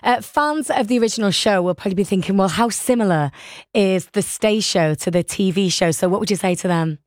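A woman's voice: mid-range voice, brisk, darkish tone, no echo, studio quality. A woman interviewer asking questions with gushing enthusiasm and laughing along with her guest. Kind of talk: casual interview chat.

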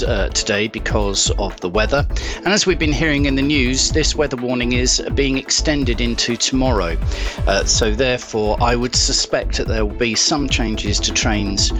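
Man, radio travel report, brisk list reading, music bed behind. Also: medium pitch. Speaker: travel news reader.

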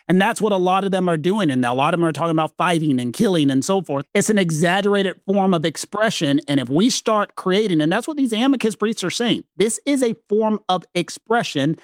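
A man from the American South with a Southern accent, co-hosting a casual legal discussion, animated and emphatic. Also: high voice, fairly quick, few pauses, no room sound, studio quality. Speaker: legal commentator co-host.

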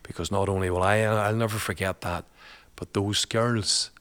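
A man's voice: fairly low pitch, fairly even intonation, moderate pace, fairly bright tone, clear, resonant tone. A man, a guest and father, telling a personal story in a chatty, colloquial way, laughing often.

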